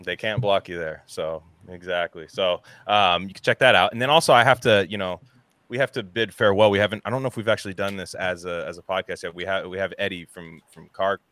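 A man's voice: sits low, fairly even intonation, fairly quick, a bit bright, dry recording. A man hosting a podcast, chatting casually and telling rambling, laughing stories. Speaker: podcast host. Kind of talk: casual chat.

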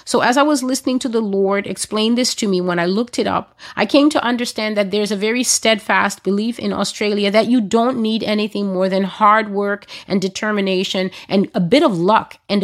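An earnest woman describes visions she says she received, in the manner of a spoken prophecy blog. Her voice sits in an ordinary middle pitch. She talks deliberately and occasionally halts to restart a phrase. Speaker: prophecy blogger.

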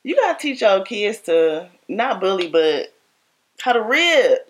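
A young woman with a deep voice co-hosting a casual chat, laid-back, often trailing off mid-sentence. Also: sing-song, measured pace. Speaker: podcast co-host.

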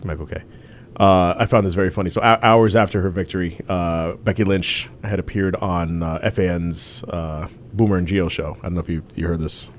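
Guy with a lowish voice chatting about wrestling, faint hiss behind. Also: fairly even intonation, a little fast. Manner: chatty, stumbles and restarts, laughs often. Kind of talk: casual chat about wrestling.

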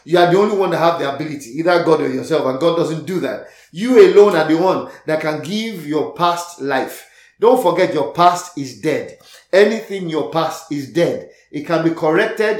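Pastor, male, slightly high voice, preaching to his congregation, lots of repetition, reverberant room. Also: lively intonation, moderate pace. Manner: repeats key lines, calls out to the congregation. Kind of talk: sermon.

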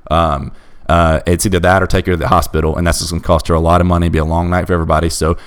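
A man's voice: sits low, flat delivery, rapid-fire, smooth. A young man telling a bizarre personal story in a casual chat, emphatic and restless. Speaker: storyteller guest.

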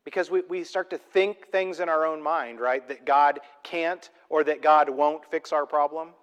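A man preaching a sermon, emphatic and full of rhetorical questions, swinging between loud and soft. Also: a little high, steady tone, a little slow, clean tone, big-room sound. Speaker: pastor.

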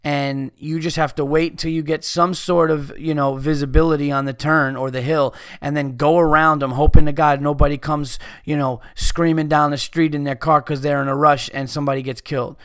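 A man's voice: fairly high pitch, little pitch movement, normal speed, few pauses, smooth, no echo, studio quality. A man hosting a podcast, ranting in a casual, exasperated and profane way. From United States. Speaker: podcast host.

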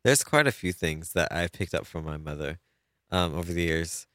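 A man's voice: deep voice, expressive, normal speed, sharp tone, no room sound. An American man chatting casually, rambling with frequent ums. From United States. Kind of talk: casual chat.

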